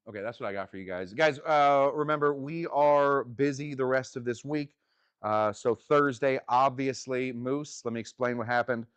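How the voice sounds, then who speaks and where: A man's voice: mid-range voice, clear, resonant tone, dry recording. A man hosting a cocktail show outdoors, talking in a rambling, chatty way and answering viewers' comments. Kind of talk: casual livestream chat.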